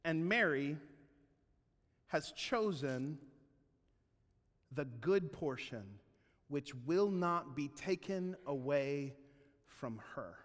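A man voicing a gentle, calm wise teacher who speaks softly and tenderly, in a church with a long hall reverb. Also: a little high. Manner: soft, slow and tender.

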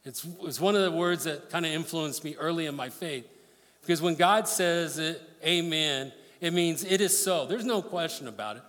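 A man's voice: fairly high pitch, moderate pace, a bit bright, big-room sound. A man preaching a sermon, reading scripture aloud and explaining it with emphasis. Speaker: pastor.

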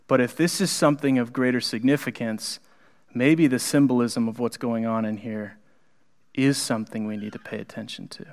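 A man preaching a conversational sermon in a church, animated and acting out the people in the story. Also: medium pitch, moderate pace. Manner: animated, conversational, acts out the characters. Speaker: pastor. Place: church sanctuary.

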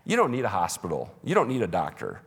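A man voicing Jesus in a sermon, mock-flattering and sarcastic toward self-righteous critics. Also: on the low side, quick pace, gravelly, slightly rough, big-room sound, voice pushed down, heavily acted.

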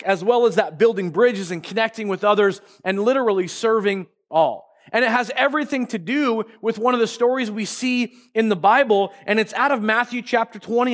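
High-voiced emphatic male pastor. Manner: emphatic preaching, drawn-out stressed phrases, rises to shouts. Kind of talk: sermon.

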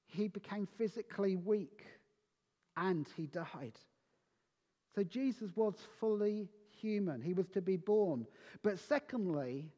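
A man preaching a Christmas sermon, slow and emphatic, with dramatic pauses between phrases. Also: high-pitched, warm tone. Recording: long reverb of a large hall.

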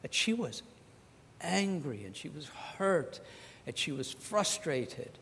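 Conversational pastor preaching in a reverberant hall. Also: male voice, on the high side, sing-song, slow, creaky, a bit bright, a little hiss or hum. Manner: conversational, acts out the scripture dialogue. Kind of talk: sermon.

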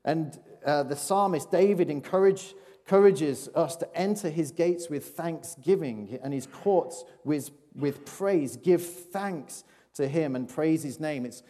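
A man gives a light, chatty children's talk in church. He keeps turning to his listeners with questions in a voice pitched a little high. His words ring out through the long reverb of a large hall. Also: measured pace, mellow. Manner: chatty and playful, asks the audience questions, often restarts. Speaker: preacher giving a children's talk.

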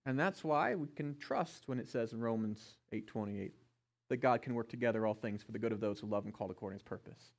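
A middle-aged man preaching a sermon, passionate, swinging between loud emphasis and hushed tones. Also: fairly low pitch, fast. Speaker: pastor.

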